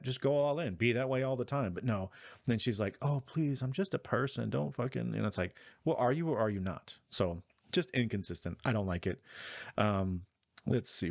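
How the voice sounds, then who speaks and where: A man's voice: on the low side, no room sound. A man giving a casual, rambling and profane spoken review of a video game. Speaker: gaming vlogger.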